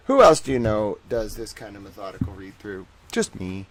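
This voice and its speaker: A man hosting a casual livestream, slowly reading legal citations and breaking off into jokey asides to his chat. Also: on the low side, sing-song. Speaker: livestream host.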